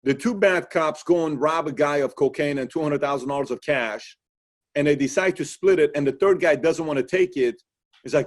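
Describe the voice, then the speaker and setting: A husky, slightly high-pitched man hosts a casual interview. He tells stories with energy and acts out what people said. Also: normal speed. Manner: animated storytelling, acts out quotes. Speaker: podcast host.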